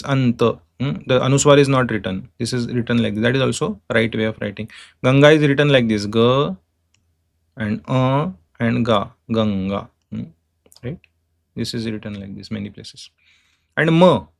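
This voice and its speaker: A man's voice: mid-range voice, vocal fry, dry recording, studio quality. A man with an Indian English accent teaching a class, explaining step by step and checking in with "hmm?" and "right?". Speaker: Sanskrit pronunciation teacher. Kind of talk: online lecture.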